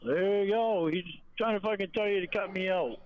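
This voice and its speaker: A jealous, possessive man snarls and swears through a call, played by an actor. The line is dull and muffled like a phone, and his voice sits somewhat high for a man. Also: fairly quick, a little hiss or hum, natural voice. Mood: sneering. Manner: bitter, sneering and profane.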